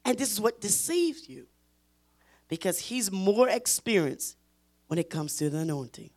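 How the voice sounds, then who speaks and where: A woman teaching a Bible study in an emphatic preaching style, repeating phrases and pushing her voice toward a shout. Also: medium pitch, sing-song, moderate pace.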